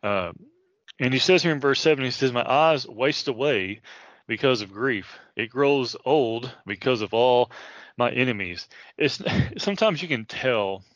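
A man's voice: mid-range voice, expressive, a little slow, fairly bright tone, dry recording, lo-fi sound. A man in his late thirties, a preacher, teaching a Bible passage in an earnest, casual way with many fillers and restarts. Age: 30s.

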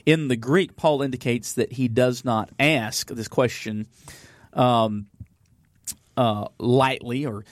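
A man with a medium-pitched, fairly even voice leads a Bible study slowly, reading verses aloud and then explaining them in an easygoing, conversational way full of fillers. There's no echo on the recording.

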